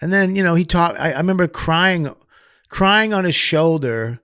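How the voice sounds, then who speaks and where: A man, a comedian guest on a podcast, telling candid stories in a profane, animated way, swinging between loud bursts and quiet asides. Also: fairly high pitch, moderate pace, clear, resonant tone, no room sound, studio quality. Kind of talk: candid storytelling.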